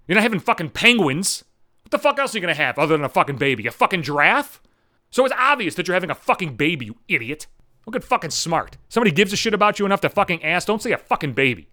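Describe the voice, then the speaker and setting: A man's voice: sits high, bright, forceful tone, no room sound, clean studio sound. A young man in a profane, sarcastic comedic rant. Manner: ranting, profane, sarcastic, with mocking voices for others.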